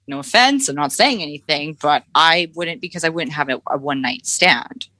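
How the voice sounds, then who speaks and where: A woman's voice: sits low, expressive, moderate pace, pushed and bright, dry recording. A Canadian woman in her thirties, a podcast guest, talking candidly and rambling over a remote call. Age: 30s. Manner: candid, rambling, laughs nervously. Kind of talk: casual chat. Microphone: headphones on remote call.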